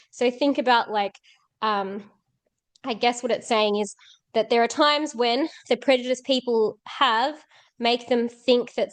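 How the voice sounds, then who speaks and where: A woman, a philosophy teacher reading a text aloud and explaining it, thinking aloud as she goes. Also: fairly high pitch. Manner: thinks aloud with fillers and restarts.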